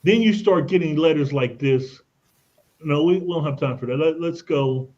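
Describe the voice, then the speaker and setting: Radio guest: emphatic man, fairly high voice, slightly dull radio sound, talks like he's telling stories. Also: moderate pace, darkish tone. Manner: emphatic, tells anecdotes, repeats "look at this". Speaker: credit expert guest. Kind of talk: radio interview, lively explaining.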